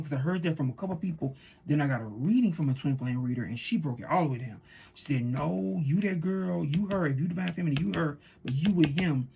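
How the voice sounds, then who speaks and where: Husky mellow-voiced woman reading tarot. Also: extremely low pitch. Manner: animated storytelling with repeated phrases. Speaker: tarot reader. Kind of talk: casual tarot reading monologue.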